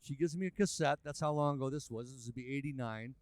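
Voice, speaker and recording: Animated male storyteller, dry sound. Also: medium pitch, quick pace, no echo. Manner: animated, lively anecdotal delivery. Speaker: musician and producer guest. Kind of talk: casual storytelling.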